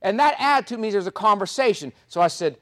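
Guy with a higher voice doing a motivational talk on stage, storytelling, repeats his lines for punch. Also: quick pace. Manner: animated storytelling with punchy repetition. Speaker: motivational speaker. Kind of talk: live speech to an audience. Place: stage before a live audience.

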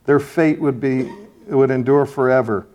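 Older man preaching and praying, gets loud then goes quiet and begging, mid-pitched voice. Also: fairly even intonation, unhurried. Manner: impassioned, pleading, swells loud then drops to hushed. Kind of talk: sermon and fervent prayer.

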